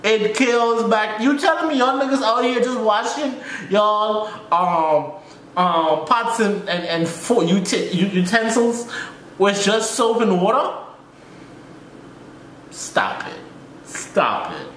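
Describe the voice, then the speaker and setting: A man with a Jamaican accent hosting a reaction video, ranting with exclamations and sudden jumps in pitch. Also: slow pace, fairly bright tone, a little hiss or hum. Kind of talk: animated reaction commentary. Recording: echoey room.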